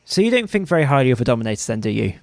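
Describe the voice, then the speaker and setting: A man's voice: mid-range voice, sing-song, gravelly, dry recording. A man co-hosting a podcast, chatting playfully and teasingly about a TV serial. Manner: playful, teasing, quick interjections. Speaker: podcast co-host. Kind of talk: casual chat reviewing a TV serial.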